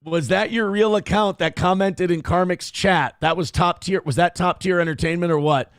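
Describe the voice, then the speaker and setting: Male stream host, gravelly, slightly high, blunt and profane, dry close sound. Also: steady tone, normal speed, no room sound. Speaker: livestream show host. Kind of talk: casual livestream commentary reading chat. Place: home studio.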